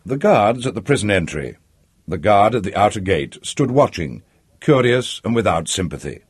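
A man reads a literary audiobook in a low, husky voice. His intonation moves a lot and the reading is measured and expressive. The recording is dry and close. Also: no room sound. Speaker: audiobook narrator.

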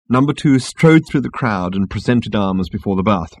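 A man's voice: lowish voice, moderate pace, hardly any pauses, breathy edge, no echo. A man narrating an audiobook expressively and voicing the characters. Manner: lively, voices characters.

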